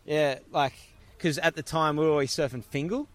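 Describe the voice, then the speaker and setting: A young Australian man hosting a podcast, telling stories in lively casual chat with frequent laughter. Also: a little high, fast. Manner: animated storyteller, laughing often. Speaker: podcast host.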